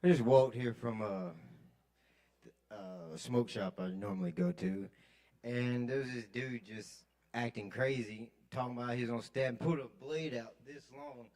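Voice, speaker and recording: A man's voice: mid-range voice, measured pace. A man at an open mic casually telling the audience a story before reading his poem. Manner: relaxed, storytelling with acted quotes. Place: live open mic at a kava bar.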